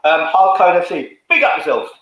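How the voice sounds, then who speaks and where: A man's voice: high-pitched, very animated, normal speed, fairly bright tone. A man hosting a casual fan stream, jokey and full of slang as he reads out viewer comments. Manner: jokey, drops slang, lots of "um". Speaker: host reading viewer comments. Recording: very echoey room.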